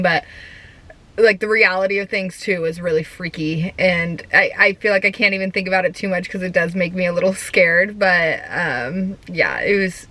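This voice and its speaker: A young woman vlogging in a casual, chatty way, full of "like" and quick laughs. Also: lowish voice, sharp tone. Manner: chatty, giggly, lots of filler "like". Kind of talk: casual chat.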